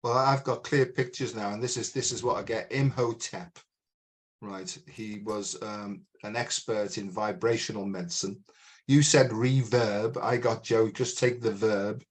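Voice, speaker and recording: A man's voice: fairly low pitch, steady tone, unhurried, slightly rough. Man describing visions in a spiritual chat. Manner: describes inner visions, often checks in with "right?". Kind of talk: spiritual podcast conversation.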